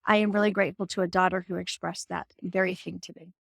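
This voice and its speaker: A woman's voice: lowish voice, level tone, fast talker, gravelly, fairly bright tone, dry recording, studio quality. A middle-aged woman hosting a live self-help talk, earnest and coaching, acting out example conversations in her own voice. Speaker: host.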